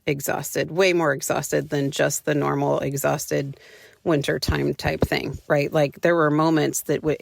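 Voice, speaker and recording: A woman's voice: sits low, creaky, dry recording, studio quality. A woman, likely in her thirties, hosting a podcast and telling a personal story in a frank, chatty way, with many fillers and casual swearing. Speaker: podcast host.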